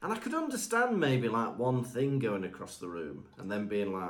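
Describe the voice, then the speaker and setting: A man's voice: medium pitch, huge pitch swings, normal speed, hardly any pauses, a little hiss or hum. A man co-hosting a comedic podcast, playful and laughing often as he riffs. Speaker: podcast co-host. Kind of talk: comedic book-discussion podcast chat.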